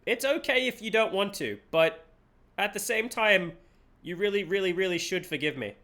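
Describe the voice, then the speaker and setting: A man's voice: sits high, animated, moderate pace, pushed and bright. A man streaming a game live, chatting playfully, laughing often and swearing casually, at a desk mic.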